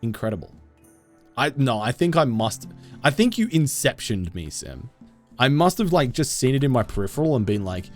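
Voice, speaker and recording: A man's voice: mid-range voice, very animated, moderate pace, faint music behind. A man live-streaming a game, chatting casually with viewers in a goofy, self-mocking way.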